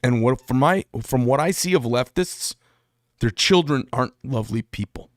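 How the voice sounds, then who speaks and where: A man mid-rant on his own channel, blunt and heated, swearing freely as he drives his points home. His voice sits at an ordinary middle pitch and sounds close and dry, with no room ring around it. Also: expressive, normal speed, no echo. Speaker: channel host. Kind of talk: political rant to camera.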